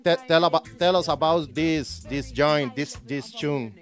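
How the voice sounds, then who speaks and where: A man hosting a radio interview in English, halting and often repeating words. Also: on the high side, soft background music. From Costa Rica. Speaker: radio host.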